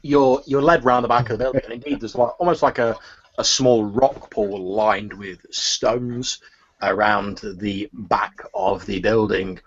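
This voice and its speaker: A man running a tabletop game as game master, narrating scenes in a halting, descriptive way. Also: lowish voice, steady tone, breathy edge, dull audio.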